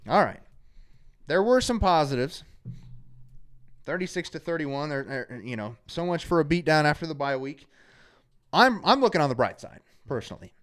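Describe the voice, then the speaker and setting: A man hosts a live fan talk show from a studio. His voice is smooth and resonant, and his pitch swings widely as he reads out viewers' names with plenty of energy. He speaks in a fairly high register for a man. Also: normal speed, long pauses. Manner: energetic, shouts out viewers by name. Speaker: show host. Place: studio under hot lights.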